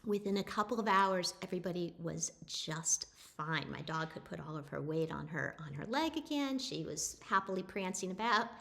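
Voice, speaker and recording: A middle-aged woman telling an animal story in a casual, animated way, often restarting her sentences. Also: fairly low pitch, normal speed, gravelly, hardly any pauses. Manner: chatty, animated, with frequent restarts.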